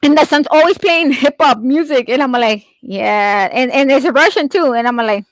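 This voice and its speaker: High-voiced woman chatting, swears a lot, laughs a bunch, dry close sound. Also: lively intonation, moderate pace, no echo, rough recording. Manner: chatty, profane, laughs often. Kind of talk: casual chat.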